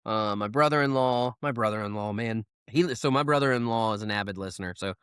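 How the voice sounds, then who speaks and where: A man's voice: fairly low pitch, quick pace, a bit bright, clean tone, dry recording. Guy on a podcast rambling thru a story, lots of ums, dry studio mic. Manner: rambling storyteller, many fillers and restarts. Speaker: podcast co-host. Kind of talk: casual chat.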